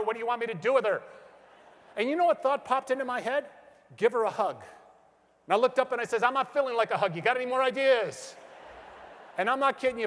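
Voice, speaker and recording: A middle-aged man giving a motivational stage speech, telling stories energetically and asking the audience questions. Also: very high-pitched. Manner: energetic storytelling, acts out quotes, asks the crowd questions. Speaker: motivational speaker. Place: large hall with an audience. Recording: hall reverb from a stage.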